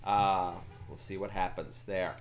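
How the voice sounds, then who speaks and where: A man's voice: deep voice, steady tone, unhurried, a little hiss or hum. Dry, rambling male co-host. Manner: rambling, dry and sardonic, many fillers. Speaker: co-host and commentator. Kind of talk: casual live commentary chat.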